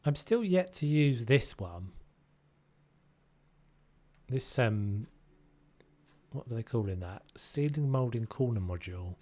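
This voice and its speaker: Pausing often and speaking slowly, a British streamer with a dark, medium-pitched voice still sounds animated. He drifts from topic to topic, talking casually to chat during his gameplay.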